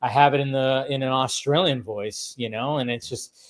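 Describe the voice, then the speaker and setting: A man hosting a podcast, chatting casually in a rambling, animated way and swearing freely. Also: medium pitch, normal speed. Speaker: podcast host. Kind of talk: casual chat.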